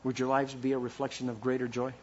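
A man's voice: mid-range voice, monotone, fast, dull audio, a little hiss or hum. A man preaching a sermon as pastor, with impassioned rhetorical questions and a delivery that rises and falls.

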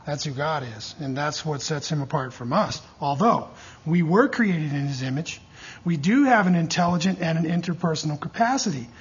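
A man delivering a sermon in a strongly husky, breathy voice that sits on the higher side for a man. He keeps checking in with his listeners and prompting their replies as he teaches. The recording sounds dull and lo-fi. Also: moderate pace. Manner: lively preaching with call-and-response checks. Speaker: pastor teaching a church class.

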